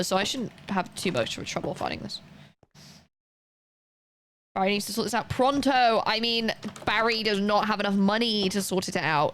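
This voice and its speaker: A young woman chats away as she streams a game, wandering from topic to topic in an easy, rambling flow. Her voice sits at an ordinary middle pitch. A faint hiss of noise lies under it. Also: a bit bright. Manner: rambling, chatty, goes off on tangents. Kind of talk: casual chat while gaming live.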